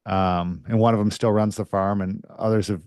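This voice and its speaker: A man hosting a podcast in a relaxed chat, nodding along with short agreements before sharing his own stories. His voice is fairly low. The sound is close and dry. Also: moderate pace, smooth, no room sound. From United States. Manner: affirming listener with frequent short agreements. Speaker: podcast host. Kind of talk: casual interview conversation.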